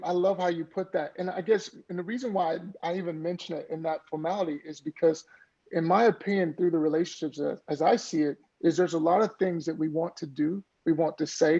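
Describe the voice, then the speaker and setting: A man with a high, gravelly voice talks earnestly as a guest, coaching listeners with motivational warmth of conviction. His tone is husky, and he often repeats a word while he finds his point. The audio is dull and lo-fi. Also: fairly even intonation, brisk. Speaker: podcast guest, mindfulness coach. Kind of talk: conversational interview.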